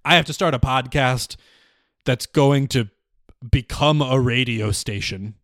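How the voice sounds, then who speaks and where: Man impersonating a despairing talk show host, rapid, dramatic declarations, dry sound. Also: mid-range voice, a bit bright, no room sound, lightly acted.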